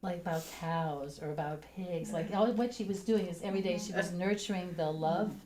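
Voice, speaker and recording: A middle-aged woman sharing a heartfelt personal story with a church group, speaking gently and hesitantly with many fillers. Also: lowish voice, a little fast, a crowd in the background. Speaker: congregation member sharing. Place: church meeting room, also on video call. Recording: echoey room.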